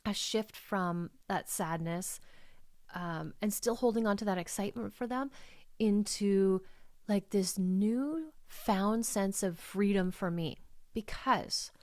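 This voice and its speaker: A woman's voice: mid-range voice, slow, darkish tone, dry recording, studio quality. A middle-aged woman hosting her own podcast, talking in a heartfelt, emotional and rambling way, full of "like"s. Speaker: life coach and podcast host. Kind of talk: personal podcast monologue.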